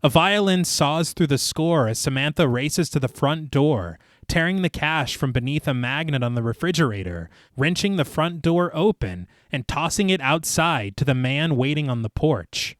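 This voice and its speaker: Man, podcast co-host, animated plot recap, dry close mic. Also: on the high side, normal speed, few pauses, no echo. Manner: narrates plot at length, lively.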